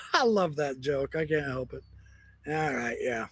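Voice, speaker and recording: A man's voice: mid-range voice, fairly bright tone, husky. A man hosting a casual live stream from his backyard, rambling, joking and laughing at his own jokes. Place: backyard, outdoors.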